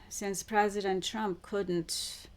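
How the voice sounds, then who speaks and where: A woman who calls herself a psychic channeler, talking to camera in a spiritual monologue, with slow, deliberate phrasing that keeps circling back to the same words. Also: medium pitch, fairly even intonation. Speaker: self-described psychic channeler.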